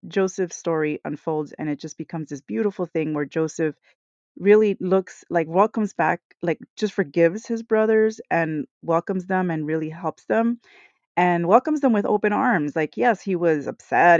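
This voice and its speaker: A woman's voice: on the low side, darkish tone, no echo. A woman hosting a podcast, giving a casual devotional reflection in an earnest, rambling way, full of "like" and "you know", on a small computer microphone. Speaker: podcast host. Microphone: small computer microphone, recording live. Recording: dull lo-fi, dry sound.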